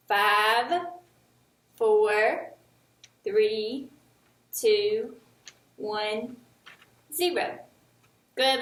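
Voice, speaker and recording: A woman teaching young children a remote lesson, speaking slowly and encouragingly, with each word clearly enunciated. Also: sits high, sharp tone, echoey room. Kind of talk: early-years remote lesson.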